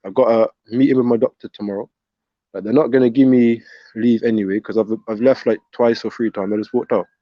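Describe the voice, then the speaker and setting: A man's voice: medium pitch, steady tone, no room sound. A man rattles on at speed, repeating himself and tripping over words. His voice comes through a dull, muffled line. The sound is dry and close, with no room around it. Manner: fast, repetitive, stumbling. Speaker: caller speaking from a psychiatric ward. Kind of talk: rambling casual chat.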